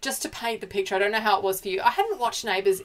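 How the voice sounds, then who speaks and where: A woman's voice: medium pitch, lively intonation, fast talker. A woman co-hosting a casual pop culture chat, emotional and chatty, often restarting her sentences. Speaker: podcast co-host.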